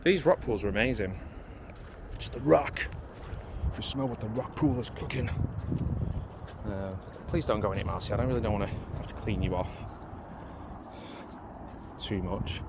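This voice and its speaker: A man rambling casually to a handheld camera and his dog while walking on a beach. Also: mid-range voice. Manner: rambling, self-mocking, talks to his dog. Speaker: vlogger. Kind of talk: casual walking vlog chat. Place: windy beach outdoors. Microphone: handheld pocket camera. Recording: faint wind and outdoor noise.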